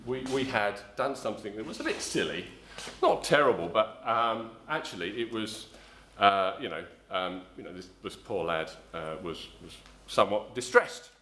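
A man's voice: lowish voice, animated, normal speed, few pauses, bright, forceful tone, slight background noise. Man preaching in an echoey church. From south-east London. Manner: rambling, self-correcting storyteller, frequent ums. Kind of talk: sermon with a personal story.

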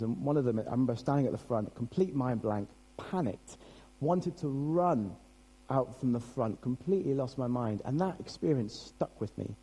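A man's voice: mid-range voice, warm tone, breathy edge, poor audio. A young British man preaching a sermon as pastor, chatty and self-deprecating, joking with his congregation.

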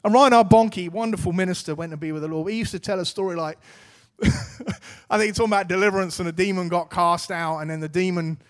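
A man's voice: high voice, fairly quick. A man in his thirties preaching a sermon, earnest and exhorting, with casual, everyday phrasing.

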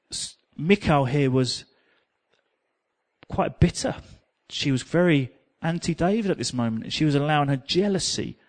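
A man with an English accent preaching a sermon, telling a personal story with self-mocking humor and snatches of song. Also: on the high side. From England. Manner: lively storyteller, sings snippets, self-mocking.

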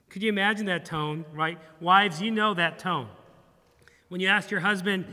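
A middle-aged man, a pastor, preaching a sermon in a church in an animated, humorous way, acting out bits of dialogue. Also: sits high, moderate pace, long reverb tail. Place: church sanctuary.

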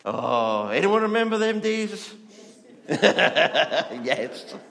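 Chatty preacher man with a hushed side. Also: a little high, big pitch swings, extremely slow, gravelly, over music. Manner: chatty and humorous, often dropping to a soft, hushed delivery. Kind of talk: conversational sermon.

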